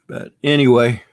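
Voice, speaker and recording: A man's voice: medium pitch, heavy background noise. A middle-aged man hosting a casual live stream from home, rambling and chatting back to viewer comments in front of his camera. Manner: slow, rambling, reads out and answers viewer comments. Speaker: livestream host.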